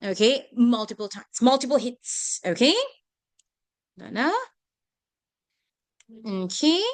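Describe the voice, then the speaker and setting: A woman's voice: on the high side, lively intonation, slow pace, no echo. A young woman teaching an English vocabulary lesson to a class, often checking whether students follow. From Singapore. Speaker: English tutor.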